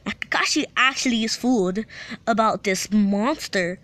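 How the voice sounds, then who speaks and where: A woman's voice: mid-range voice, animated, a little slow, fairly bright tone. A woman casually retelling her own fan-fiction story, rambling with frequent restarts and playful asides to her viewers.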